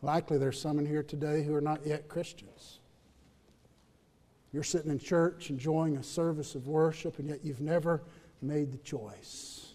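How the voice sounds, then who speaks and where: A man preaching a sermon in a church, rising to loud emphatic peaks and dropping to hushed asides. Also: fairly high pitch, big-room sound. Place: church building during a worship service.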